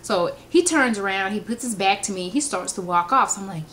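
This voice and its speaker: A woman, telling funny personal stories in an animated way and acting out the quotes. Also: on the high side, quick pace, hardly any pauses, slight background noise. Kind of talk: casual storytelling vlog.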